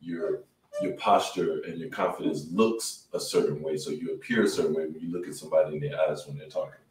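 A male instructor reading child-safety tips aloud on a panel show, halting and correcting himself as he goes. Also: extremely low pitch, steady tone, soft background music. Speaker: self-defense instructor. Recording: roomy sound from a distant mic.

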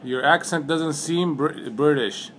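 A man questioning a phone caller in a flat, probing way, toying with him. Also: fairly high pitch, a little slow, a little hiss or hum. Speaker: call recipient baiting a scammer. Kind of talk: prank phone call.

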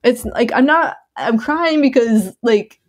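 A young woman, a new mother, chatting casually and warmly about her baby, with lots of fillers and laughs. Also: on the high side, expressive, slow. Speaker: new mom answering viewer questions. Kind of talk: casual chat.

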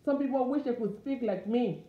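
A woman with a Liberian accent preaches an informal, fervent sermon from her dining room as a Christian encourager, repeating her urgings in fervent, repetitive exhortation. Her voice is fairly high at normal speed. The room is echoey and the audio narrow and tinny.

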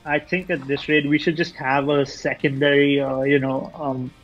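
A man with a husky voice joking around in casual livestream banter. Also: fairly high pitch, level tone, normal speed, fairly bright tone, highs cut off, faint music behind. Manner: joking, laid-back banter.

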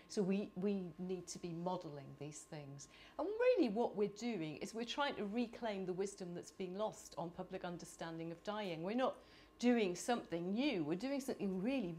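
A middle-aged woman from the United Kingdom speaking at a conference, animated and chatty with laughing asides. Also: on the low side, a little hiss or hum. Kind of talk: conference talk. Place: conference hall.

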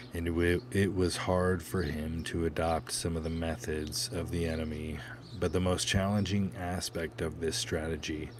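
A man narrating an audiobook in a measured, even reading. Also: low voice, slight background noise.

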